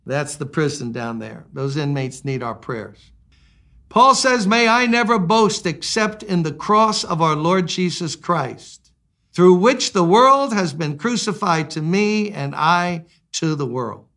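A man in his sixties preaching a sermon, animated, swinging between loud exclamations and quiet asides. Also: fairly high pitch, slow pace. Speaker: pastor.

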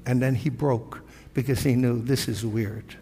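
A man's voice: mid-range voice, fairly even intonation, a little slow, mellow, long reverb tail. An older man, a pastor, preaching a sermon with earnest storytelling, quoting prayers and conversations.

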